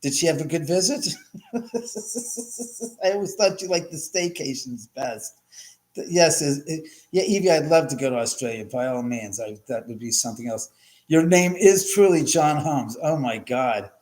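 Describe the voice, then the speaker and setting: Here a middle-aged man runs a laid-back livestream, answering viewer comments in a chatty, meandering way with lots of laughter and restarted sentences. His tone is somewhat dark, with a medium pitch and ordinary speed.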